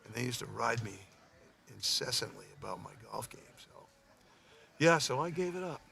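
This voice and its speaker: A man's voice: mid-range voice, animated, normal speed, creaky, pushed and bright. A man, a coach, casually telling self-deprecating stories outdoors at a golf course putting green. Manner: self-deprecating, chuckling storyteller.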